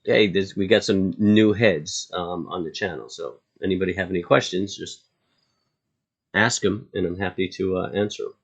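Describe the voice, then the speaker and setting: A man with a low, gravelly voice talks loosely through a live market stream. He rambles with frequent ums and uhs and chats with his viewers as he goes. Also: fairly even intonation, normal speed, lo-fi sound. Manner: laid-back, chatty asides to viewers. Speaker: live trading stream host.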